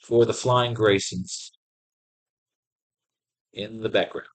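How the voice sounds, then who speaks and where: A man's voice: lowish voice, steady tone, takes it slowly. A man hosting a writing class, reading comics aloud and ranting at them with crude, exasperated commentary. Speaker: host.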